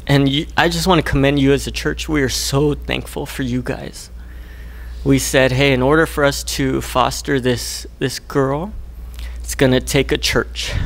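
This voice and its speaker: A man's voice: mid-range voice, gravelly. A young man preaching a sermon to a church, earnest and conversational, often checking in with the listeners. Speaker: guest preacher.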